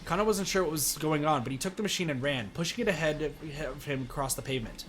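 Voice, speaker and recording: A man streaming a visual novel, reading its text aloud in an animated way and shouting excited reactions between lines. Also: on the high side, fast talker, few pauses, a little hiss or hum.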